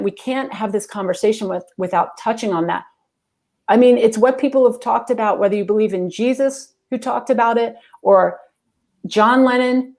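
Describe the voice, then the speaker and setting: A woman guest, an executive coach, giving earnest, fast-moving answers about love and spirituality in an interview. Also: a little high, a little mellow.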